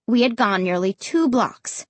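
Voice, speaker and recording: Woman audiobook narrator, husky tone, lively expressive pitch. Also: unhurried, no room sound. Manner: expressive storytelling. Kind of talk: first-person audiobook narration.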